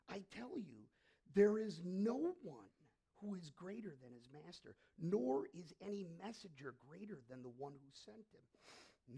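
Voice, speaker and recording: A male pastor preaching a sermon and telling stories, dropping to hushed whispers and rising to loud emphasis. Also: high-pitched, creaky, slightly rough.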